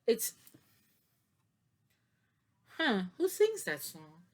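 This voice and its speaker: A woman's voice: high voice, wildly swooping pitch, drawn-out words. A tired woman giving a casual tarot reading to camera, chatty and meandering, with many fillers and yawns. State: tired, yawning. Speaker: tarot reader.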